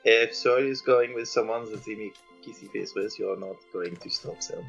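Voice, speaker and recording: A man's voice: on the low side, fairly even intonation, normal speed, creaky, lo-fi sound, music in the background. A man playing a small, cagey, evasive adventurer. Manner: hesitant, dodging questions.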